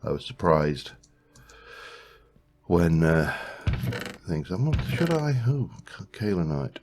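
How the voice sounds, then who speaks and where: A man's voice: low-pitched, big pitch swings, slow pace, darkish tone, a little hiss or hum. A man hosting a let's play, musing aloud in casual gameplay commentary, rambling with frequent restarts.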